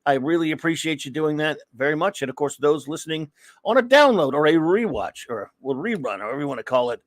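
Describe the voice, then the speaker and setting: A man hosting a live comics talk show, chatting casually and rambling through friendly shout-outs to viewers in the chat. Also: fairly high pitch, animated, fast, dry recording. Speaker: podcast host.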